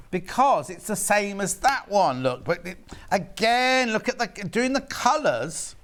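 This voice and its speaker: A man's voice: sits high, very animated, slow, a bit bright. A man presenting on a live shopping channel, chatting, gushing over fabrics and joking with the crew behind the camera. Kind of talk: live TV sales chat. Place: TV studio.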